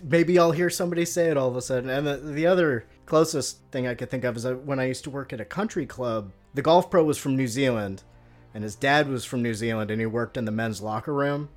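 Midwest guy guesting on a podcast, laughs a lot, gets loud when worked up, mid-pitched voice. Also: fairly quick, soft background music. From American Midwest. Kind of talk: casual chat.

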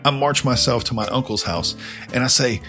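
A young man telling a personal story on his podcast in a casual, profane, animated way. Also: mid-range voice, normal speed, faint music behind. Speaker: podcast host.

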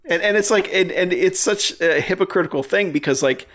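A man's voice: high voice, a little fast, a bit bright. A man in casual podcast chat, rambling with many fillers and frequent swearing.

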